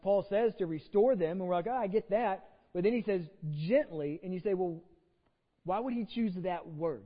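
A man's voice: sits high, big-room sound, muffled recording. A man from Texas preaching a sermon as pastor, talking conversationally with rhetorical questions and repeated words. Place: church sanctuary.

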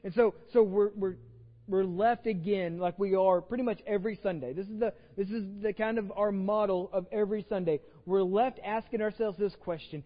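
A man's voice: high-pitched, brisk, big-room sound, highs cut off. A pastor with a Texan accent, preaching a conversational sermon, often repeating words as he starts a phrase. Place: church sanctuary.

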